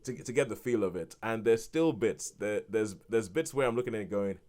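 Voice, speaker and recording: Podcast film reviewer, male, lowish voice, chatty and digressive, with lots of false starts. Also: a little fast. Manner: rambling with many restarts, animated when quoting. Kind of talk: casual spoken film review.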